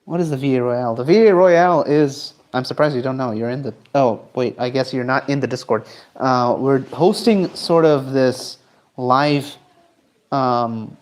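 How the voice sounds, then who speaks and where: Easygoing male streamer chatting while drawing. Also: mid-range voice. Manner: relaxed, rambling, answers chat while drawing. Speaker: streamer and artist. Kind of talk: casual livestream chat.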